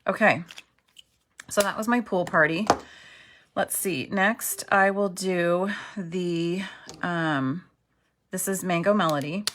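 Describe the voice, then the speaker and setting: A woman's voice: lowish voice, slow, pauses often, fairly bright tone, slight background noise. A middle-aged woman teaching a card-making craft tutorial, chatty and self-deprecating, often checking in with "okay". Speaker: craft instructor.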